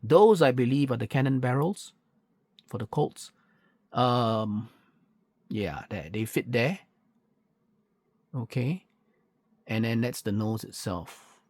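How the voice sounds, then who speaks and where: A man's voice: medium pitch, lively intonation, slow, long pauses, a little mellow, dry recording. A man walking through a model kit's parts in a chatty, pedantic way, full of fillers and self-corrections. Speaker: scale model reviewer. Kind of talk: unboxing walkthrough, casual commentary.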